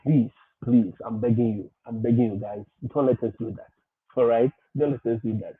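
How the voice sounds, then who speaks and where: A man's voice: medium pitch, fairly even intonation, brisk, slightly rough, dry recording. A man hosting a livestream and giving advice, talking emphatically, repeating his points and often laughing. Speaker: livestream host. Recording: tinny phone-like audio.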